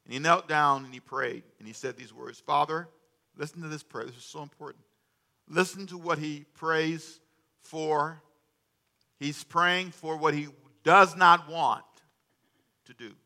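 A man preaching a sermon, calling for responses from the congregation and joking with them between loud, emphatic stretches. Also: a little high, a little slow, vocal fry. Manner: humorous asides to the congregation. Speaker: pastor. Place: church sanctuary.

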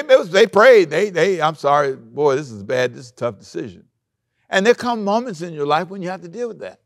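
Male pastor in full sermon mode, animated and theatrical, acting out the scripture; raised pitch, close dry recording. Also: no room sound. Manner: animated, acts out the scripture, big swings in loudness.

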